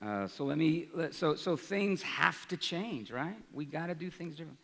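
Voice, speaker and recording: A man in his forties giving an energetic speech to an audience, often asking "right?". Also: on the high side, moderate pace, creaky. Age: 40s. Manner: energetic, rhetorical, asks the crowd "right?". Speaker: college president. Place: large hall. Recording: reverberant hall, live speech.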